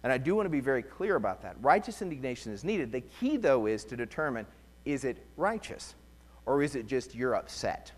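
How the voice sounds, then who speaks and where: Lively man preaching in a reverberant church. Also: medium pitch, brisk. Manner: animated, joking storyteller. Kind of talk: conversational sermon.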